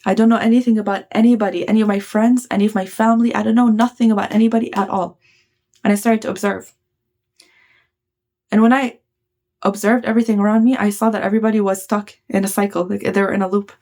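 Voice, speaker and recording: Her medium-pitched voice is flat, mellow and quick as she hands out blunt self-help tips to viewers. The talk is casual and motivational, peppered with swearing and frequent "okay?" check-ins.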